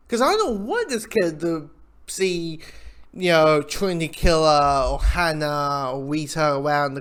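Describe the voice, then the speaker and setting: Excitable, swearing TV reviewer. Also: medium pitch. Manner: excitable, swears, quotes own reactions loudly. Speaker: TV episode reviewer. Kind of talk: casual spoken review.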